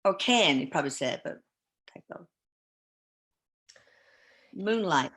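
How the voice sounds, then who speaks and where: A woman hosting a live podcast who reads viewer questions aloud in a relaxed, chatty way and stumbles over names. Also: lowish voice, slow pace. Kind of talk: casual live-stream chat.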